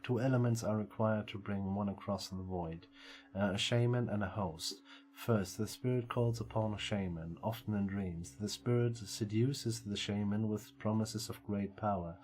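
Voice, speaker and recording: A man voicing a sly, lecturing male elf mage, reading the lines slowly in a plain low voice. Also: darkish tone, lightly acted.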